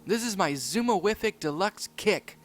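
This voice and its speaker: Smug young pup played by a man, high-pitched and teasing. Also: animated, normal speed, faint music behind. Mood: cheerful. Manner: boastful, sarcastic. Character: cocky playful young male pup.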